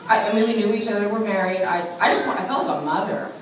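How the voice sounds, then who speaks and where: In an echoey room recorded from a distance, a woman tells a humorous spiritual story, laughing often as she goes. Her voice sits in the mid-range and she speaks quickly, with animated delivery.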